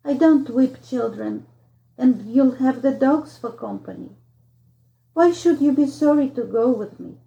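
Kind old travelling showman, low and soft-spoken, read by a woman, gravelly edge, dull lo-fi sound. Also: measured pace. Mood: kindly. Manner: gentle, reassuring. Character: kindly older male travelling showman.

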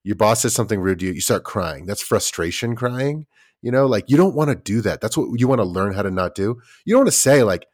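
A man co-hosting a podcast in casual chat, animated and acting out little quoted voices, with many fillers and restarts. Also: on the low side, brisk. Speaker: podcast co-host.

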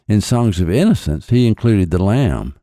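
Lively low-voiced man lecturing. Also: dry recording, clean studio sound. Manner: lecturing, deliberate emphasis on quotations. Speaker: author and podcast guest lecturer. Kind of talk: scripted literary commentary.

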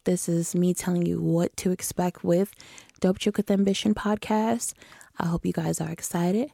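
A woman in her thirties hosts her own podcast in casual, slangy talk, laughing as she confides. Her voice is low and gravelly, with a mellow, relaxed tone. The sound is dry and close. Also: moderate pace, no room sound. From northern US. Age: 30s. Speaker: podcast host. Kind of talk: casual solo podcast chat.

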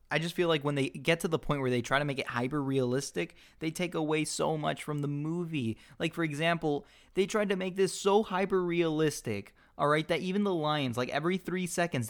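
A man's voice: medium pitch, clean tone. A young man co-hosting a casual film review, opinionated and rambling as he talks. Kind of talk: casual chat.

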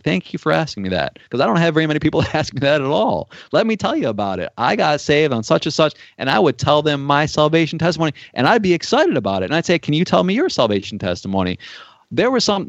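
Male preacher, mid-pitched, conversational sermon delivery, dry close recording. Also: no echo. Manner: conversational storytelling with frequent "uh" fillers. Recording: dry, dull-sounding recording.

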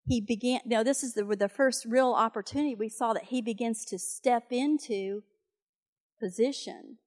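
A woman's voice: a little high, moderate pace, a little mellow. Woman preaching in a chatty storytelling way. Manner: conversational storytelling with fillers and asides. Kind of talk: sermon retelling a Bible story.

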